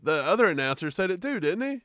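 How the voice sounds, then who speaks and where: A man's voice: high voice, big pitch swings, quick pace, bright, forceful tone, no echo, studio quality. A man co-hosting a sports podcast, chatting casually and joking in laid-back banter. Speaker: podcast co-host. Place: Kentucky.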